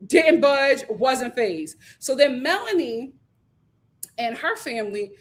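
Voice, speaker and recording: Animated woman recapping a reality show. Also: sits high, takes it slowly. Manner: animated retelling with quoted voices. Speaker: host. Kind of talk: casual show recap chat.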